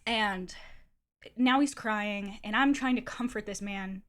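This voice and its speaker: A young woman streamer telling a long personal story in a casual, animated way, acting out quotes and swearing freely. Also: medium pitch, slow.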